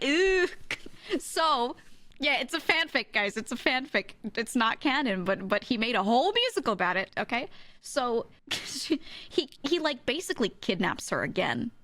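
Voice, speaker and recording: A woman streamer in casual chat, animated and giggly, often breaking into exclamations and laughter. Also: a little high, no room sound.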